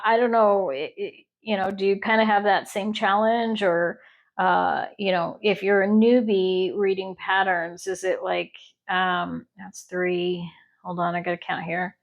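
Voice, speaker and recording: A woman's voice: medium pitch, vocal fry. A woman from Ohio chats casually while she crochets, rambling and stopping to count stitches. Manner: rambling and self-interrupting, pausing to count stitches. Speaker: crochet podcast host.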